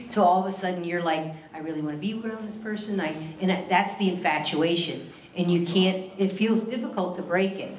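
A woman's voice: on the low side, a little hiss or hum. A woman giving a casual live talk about the science of love to an audience, chatty and storytelling. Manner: chatty, tells stories with acted quotes. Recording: echoey room.

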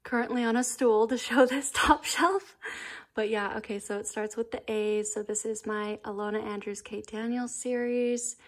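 A woman's voice: a little high, steady tone, normal speed. A young woman chatting casually in a home vlog, giggly and full of fillers. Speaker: book vlogger. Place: home library room.

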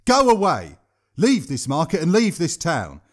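A man reading an audiobook, voicing a sharp-tongued, bitter old woman in a shrill, indignant manner. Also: wildly swooping pitch, unhurried, exaggerated voice. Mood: indignant, angry.

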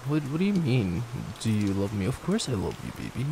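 A young man in a whispered role-play as a boyfriend, gentle, affectionate and reassuring, speaking into a desk microphone at home. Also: lowish voice, very animated, a little fast, creaky, noisy background. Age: young adult. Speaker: ASMR creator. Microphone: desk microphone at a gaming setup.

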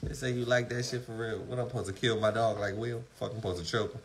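A man's voice: fairly low pitch, fairly even intonation, fast, slight background noise, rough recording. A man on a live phone stream, talking loosely with lots of profanity while his dogs are around. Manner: loose, profane street talk. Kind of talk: casual live-stream talk.

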